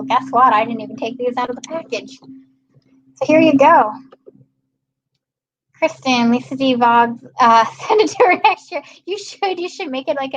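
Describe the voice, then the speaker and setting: On a laid-back livestream, a young woman from Maryland, USA, chats and reads viewers' comments with frequent laughter. She has a fairly high, slightly bright voice, and the lo-fi sound carries slight background noise.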